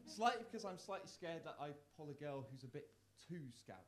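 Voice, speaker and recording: Young guy doing stand-up, bit high voiced, stammers then shouts the punchline, stage mic. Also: expressive, a little fast. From Worcester, England. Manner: self-mocking, stammering restarts, bursts of loud punchlines. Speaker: stand-up comedian. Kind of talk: live stand-up set. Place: comedy club stage.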